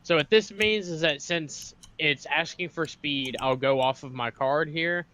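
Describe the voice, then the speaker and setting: Guy explaining board game rules step by step, fairly bright clear tone, methodical. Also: on the high side, measured pace. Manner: patient, methodical, walks through steps. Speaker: podcast co-host explaining rules.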